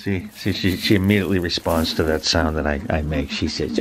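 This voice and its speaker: A man's voice: very deep voice, a little fast, a loud crowd. A man who breeds dogs, talking casually to a handheld camera while sitting among puppies, rambling and restarting his words. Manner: rambling, repeats and restarts words, gently affectionate. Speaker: dog breeder. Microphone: handheld camera mic.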